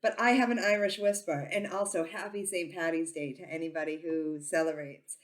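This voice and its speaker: A woman who reads tarot, talking casually to her viewers and saying she talks very loudly, with lots of ums and restarts. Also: on the low side, fairly even intonation, moderate pace. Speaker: tarot reader and psychic. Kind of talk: casual informational talk to camera.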